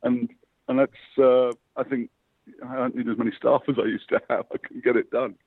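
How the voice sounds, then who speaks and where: A man, a publicist, telling lively motivational anecdotes as a guest over the phone. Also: mid-range voice, a little fast, no echo. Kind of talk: interview storytelling. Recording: tinny phone line.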